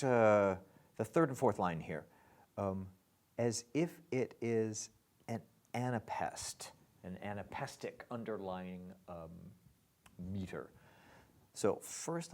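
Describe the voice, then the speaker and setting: Man, middle-aged, lowish voice, halting, restarts words, dry asides, lyric-writing teacher. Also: a little mellow. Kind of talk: online lesson on lyric scansion.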